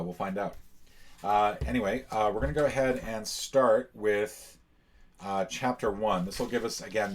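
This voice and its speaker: A man hosting a casual solo board game playthrough, explaining in a relaxed way with many filler sounds. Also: lowish voice. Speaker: board game channel host.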